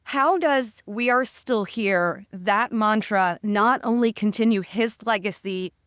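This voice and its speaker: A woman hosts an interview in a reflective, personal way. Her voice sits in a middle pitch. The recording is dry and close. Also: takes it slowly, a bit bright, dry recording. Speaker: interview host, sports reporter. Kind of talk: conversational interview.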